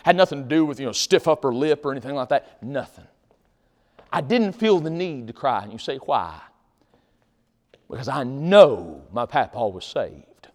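A male pastor preaching a sermon in a church, swinging from loud shouts to quiet pleading. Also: medium pitch, animated, normal speed, big-room sound. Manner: impassioned Southern preaching with sudden loud shouts. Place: church sanctuary.

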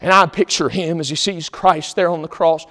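A man preaching a sermon, emphatic, swinging between loud exhortation and hushed tones. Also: a little high, steady tone, moderate pace, big-room sound.

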